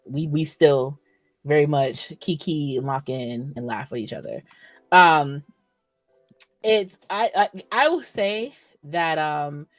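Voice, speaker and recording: A woman's voice: low-pitched, dry recording, soft background music. A female podcast co-host in casual chat, talking frankly and reacting with feeling. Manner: frank, expressive, quick to react.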